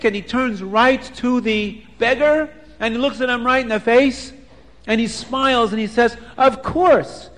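A man telling a folk tale aloud in an animated way, sprinkling in Yiddish words. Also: high-pitched, big-room sound. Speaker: storyteller. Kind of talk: oral folk storytelling.

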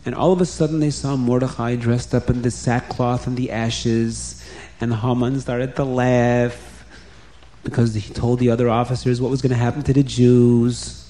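Animated male storyteller with a mellow voice. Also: medium pitch, moderate pace. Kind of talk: storytelling to children.

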